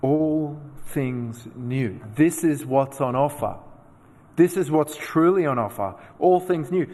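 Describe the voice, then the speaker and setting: A man preaching a sermon, telling personal stories with animated, self-deprecating asides. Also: a little high, a little slow, long reverb tail. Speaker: pastor.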